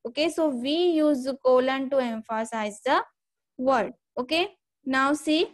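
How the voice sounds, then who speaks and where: Slow, high-voiced woman teaching grammar. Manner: repeats "okay" and "see here" often, explains step by step. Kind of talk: classroom grammar lesson.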